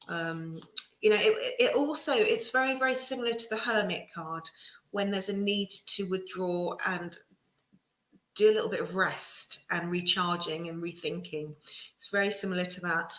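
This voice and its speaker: A woman's voice: mid-range voice, fairly bright tone. Chatty woman reading tarot cards. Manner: chatty, reassuring, many ums and restarts. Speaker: tarot reader. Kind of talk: live-stream tarot reading. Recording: echoey room.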